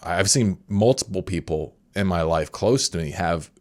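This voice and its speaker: A man hosting an interview podcast, talking in a relaxed, rambling way with many fillers. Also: low voice, normal speed. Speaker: podcast host. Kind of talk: casual interview chat.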